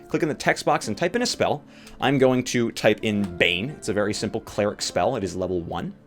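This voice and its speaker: A young man who plays and runs tabletop games, giving casual, opinionated advice with rambling asides. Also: on the low side. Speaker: tabletop game player and dungeon master. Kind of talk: casual how-to advice talk. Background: faint guitar music.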